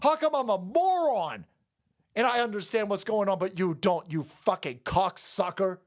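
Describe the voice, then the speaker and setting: A man ranting in fast, profane political commentary to his live chat, combative and laughing at his own asides. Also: high voice, lively intonation. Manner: talks fast.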